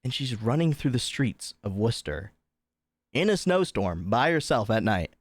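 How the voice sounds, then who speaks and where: A young man on a live stream recounts a story to his chat in a loose, chatty way, full of "like" and "um" and the odd curse. His voice sits at an ordinary middle pitch, and the recording is dry and close, with no room sound at all. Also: normal speed, no room sound. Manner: chatty, swearing, animated retelling with many fillers. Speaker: livestream host.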